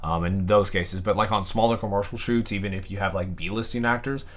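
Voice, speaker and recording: A man hosting a podcast in casual chat, relaxed and loose, with lots of fillers. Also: lowish voice, a little fast. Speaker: podcast host.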